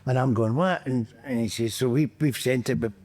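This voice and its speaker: A man's voice: mid-range voice, steady tone, brisk, mellow. A middle-aged man with a Scottish accent, a podcast guest telling football anecdotes in casual chat, acting out quotes and laughing often.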